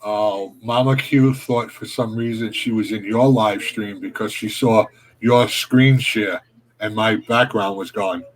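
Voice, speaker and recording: A man's voice: fairly low pitch, steady tone, a little slow, poor audio. A man co-hosting a live stream, chatting casually and greeting viewers by name.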